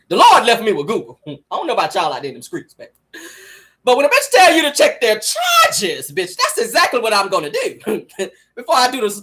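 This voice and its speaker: A woman's voice: on the high side, fairly bright tone. A woman vlogger giving sassy, blunt gossip commentary from her car, laughing often and swearing freely. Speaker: vlogger and show host.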